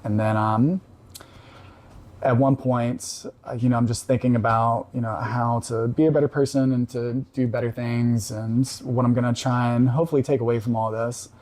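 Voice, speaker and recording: A man calmly recounting a personal story in casual conversation, reflective, with frequent pauses and fillers. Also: mid-range voice. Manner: reflective, halting with many fillers. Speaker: podcast guest.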